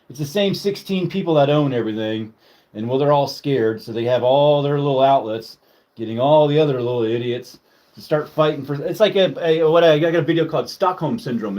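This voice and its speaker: A man's voice: a little high, darkish tone. A man hosting a casual livestream, rambling loosely with lots of fillers and swearing. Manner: loose, profane, filler-heavy. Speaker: livestream host.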